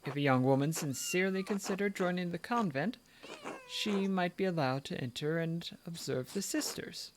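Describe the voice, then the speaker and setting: A gentle elderly nun speaks in a British voice with a slight cockney twist, as a man puts her on. She is kindly and a little sly. The tone is coaxing, and a faint hiss sits behind the voice. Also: high-pitched, moderate pace, close to an everyday voice. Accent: put-on British, a little cockney. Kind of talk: reading game dialogue aloud.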